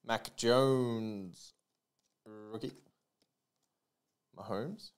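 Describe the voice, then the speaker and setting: Guy doing a live card break, reads off names and numbers, unhurried, smooth clear voice, chats with viewers between pulls. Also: lowish voice, steady tone. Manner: rattles off player names and numbers, chatty asides to viewers. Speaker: trading card break host.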